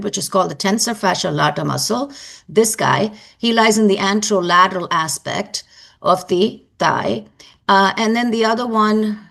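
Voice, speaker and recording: Woman lecturing anatomy, gravelly edge. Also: mid-range voice. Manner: explanatory, repeats key points for emphasis.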